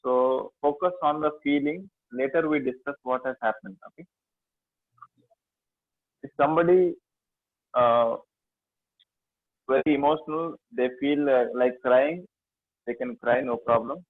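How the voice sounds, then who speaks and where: A man with an Indian accent teaching a yoga class, giving halting instructions with many fillers. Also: mid-range voice, dry recording. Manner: slow, halting instructions with many fillers, chanting and singing tones. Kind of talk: guiding a mudra and mantra class. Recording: dry, phone-like lo-fi sound.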